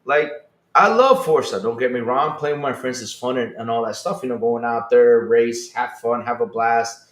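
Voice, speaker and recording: A man's voice: mid-range voice, moderate pace, echoey room. A man hosting a podcast in casual live-stream chat, rambling and reading out chat messages. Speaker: podcast host.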